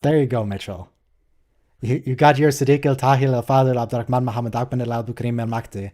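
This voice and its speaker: A man's voice: medium pitch, steady tone, fast, a little mellow. A man hosting a casual live watch-along, teasing a viewer and coaching pronunciation in a playful way. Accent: American. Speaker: host.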